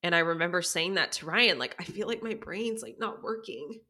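A young woman talks openly into her podcast mic, rambling in a loose, chatty way and leaning on "like" constantly. Her voice sits slightly low but sounds bright and forward, and tears keep threatening to break through. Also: expressive, brisk. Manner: chatty, says "like" very often, emotional and teary at times. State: near tears. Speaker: podcast host. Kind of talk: candid personal talk.

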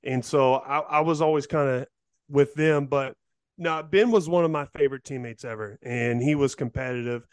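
A man guesting on a podcast, talking loosely and laid back with many pauses and fillers. His voice is mid-pitched, and the recording is dry. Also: clear, resonant tone, no echo. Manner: relaxed, rambling, halting with fillers. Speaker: podcast guest, former player. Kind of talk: casual interview chat.

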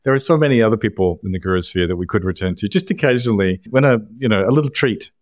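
A man's voice: on the low side, animated, fast talker, dry recording, studio quality. A man co-hosting a podcast, bantering wryly and laughing easily in casual chat. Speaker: podcast co-host.

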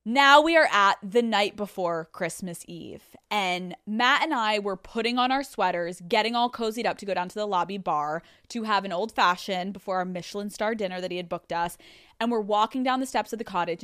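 Woman podcast host telling a story solo, animated, swears a lot, dry studio sound. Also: mid-range voice, dry recording. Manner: animated, swearing, acting out quotes.

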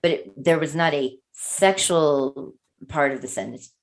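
A woman's voice: low voice, measured pace. A middle-aged woman chatting candidly, telling a story animatedly and acting out the voices of the people in it. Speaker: guest. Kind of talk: candid casual chat.

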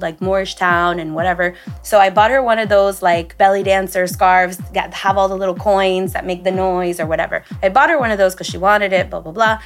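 A woman in her thirties co-hosting a casual chat, telling animated stories about parenting. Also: fairly low pitch. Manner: animated storyteller, mimics her child's voice. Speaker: podcast co-host.

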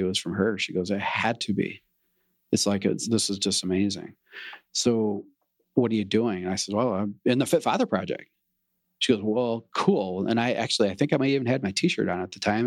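A middle-aged man telling his own story in an earnest, animated way and acting out the dialogue. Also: on the low side, no echo. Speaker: program member sharing his story. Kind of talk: personal testimonial.

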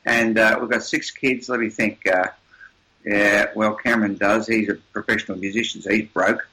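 Emphatic older man with a bright voice. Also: on the low side, fairly even intonation, normal speed, slight background noise, poor audio. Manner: emphatic, repeats words, upbeat. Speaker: interview guest. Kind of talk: motivational storytelling.

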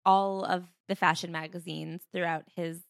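A woman co-hosting a book podcast in casual chat, with wry quick asides. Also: fairly low pitch, level tone, vocal fry, no echo, clean studio sound. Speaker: podcast co-host.

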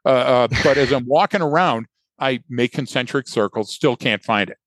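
A man's voice: mid-range voice, normal speed, a bit bright, no echo. A man co-hosting a podcast, telling a story with energy and acting out his own thoughts. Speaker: podcast co-host. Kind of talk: casual conversational storytelling.

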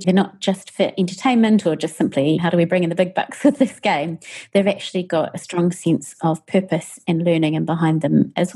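A woman's voice: lowish voice, mellow. A woman interviewing a guest, reflecting on her answers in an affirming, thoughtful way.

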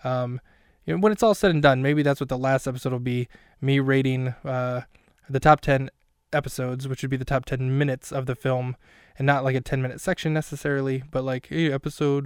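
A man's voice: medium pitch, steady tone, a little fast, few pauses, clean tone, no echo, studio quality. A man hosting a podcast who recaps a film scene by scene in a rambling, self-mocking way with plenty of fillers. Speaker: podcast host.

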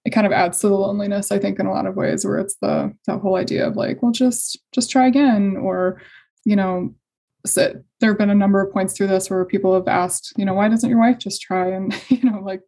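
A young adult woman telling a personal story in conversation, hesitant and emotional, with many fillers and soft laughs. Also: mid-range voice, little pitch movement, fairly quick, creaky. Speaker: guest sharing fertility story.

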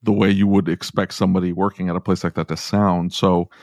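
A man hosting a podcast in a casual, chatty way, laughing between stories. His voice sits a little low and sounds close and dry, with no room around it. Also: level tone, darkish tone, dry recording. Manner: chatty, laughs often, does quick voices. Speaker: podcast host.

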